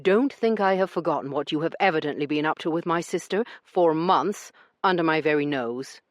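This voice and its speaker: A man's voice: a little high, a little fast, no room sound, lightly acted. Man playing an icy, haughty duke. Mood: stern. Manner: cool, clipped, icy. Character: cold, haughty aristocratic duke, a grown man.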